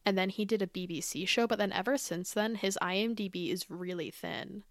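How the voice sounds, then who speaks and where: A young woman co-hosting a podcast in casual chat, talking fast with lots of filler words. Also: medium pitch, no echo, studio quality. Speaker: podcast co-host.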